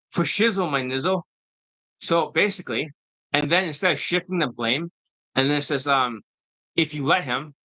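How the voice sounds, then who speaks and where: A man's voice: on the high side, pushed and bright, no room sound, poor audio. A man who works as a dating coach, giving a profane, combative and mocking monologue in a casual style.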